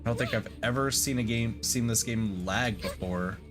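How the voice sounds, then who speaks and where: A man's voice: medium pitch, normal speed, music in the background. A man streaming a video game, muttering casual, mildly crude commentary and reading dialogue aloud.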